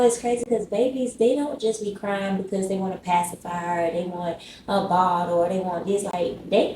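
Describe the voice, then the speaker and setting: Woman vlogger, chatty slangy storyteller, warm low-key tone, roomy echo. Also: distant mic, slight background noise. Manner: chatty, talks straight to viewers, slangy. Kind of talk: casual storytime.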